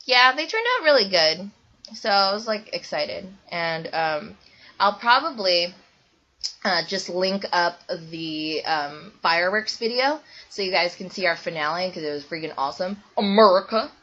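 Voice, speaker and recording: A woman's voice: on the low side, expressive, measured pace. A young woman vlogging casually to camera, rambling with lots of ums and likes. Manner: rambling, many ums and likes, bursts into loud squeals when retelling. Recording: dull lo-fi webcam audio.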